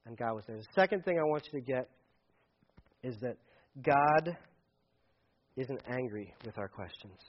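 A man preaching a sermon, animated, acting out quoted voices and swinging between loud and hushed delivery. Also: medium pitch, normal speed, long pauses. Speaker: pastor. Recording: dull lo-fi sound.

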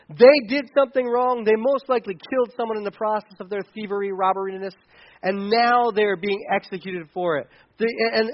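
A man's voice: sits high, lo-fi sound. A man preaching a sermon as pastor, talking in a conversational way and often restarting his sentences.

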